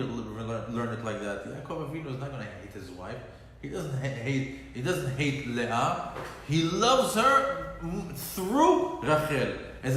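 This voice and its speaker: A man of middle pitch teaches a Torah class in a very echoey hall. His voice rings out with a long reverb. Faint noise sits under it, and he moves between Hebrew verses and casual English explanation. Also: fairly bright tone. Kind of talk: lunch-and-learn Torah class.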